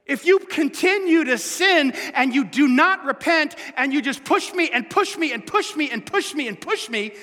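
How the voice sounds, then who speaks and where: A man's voice: very high-pitched, sharp tone, full character voice. A man voicing God as a patient, merciful speaker who talks in a casual, conversational way. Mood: stern. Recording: echoey hall.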